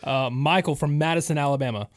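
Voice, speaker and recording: Co-host, male, slightly high voice, halting and eager. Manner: hesitant, full of fillers, enthusiastic. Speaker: radio co-host. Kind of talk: casual radio talk.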